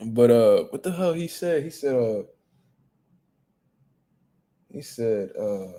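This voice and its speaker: A man hosting a boxing talk show, chatting casually in a blunt, profane, animated way. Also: medium pitch, slow, pauses often. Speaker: boxing podcast host. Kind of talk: casual chat.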